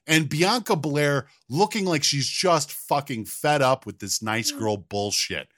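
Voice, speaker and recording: A man co-hosting a casual podcast, telling a wrestling story in an animated, profane way. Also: on the high side, unhurried, dry recording, studio quality. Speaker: podcast co-host.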